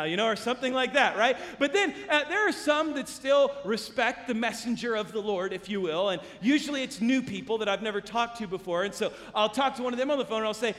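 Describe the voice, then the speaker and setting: A male pastor preaching a sermon in a church, telling stories in an animated way and acting out quotes. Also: very high voice, brisk, hardly any pauses. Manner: animated storytelling, acts out quotes. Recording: long hall reverb.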